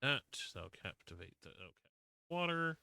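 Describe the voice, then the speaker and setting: Here the Southern-accented streamer has a medium-pitched, sing-song voice that is gravelly and sharp, at a normal speed. He rambles casually while playing, often restarts and reads chat aloud, with a little hiss or hum in the background.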